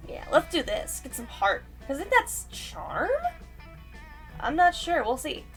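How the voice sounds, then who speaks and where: Excitable high-voiced young woman streamer. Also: unhurried, soft background music. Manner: excitable, laughing, chatty. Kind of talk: casual game commentary.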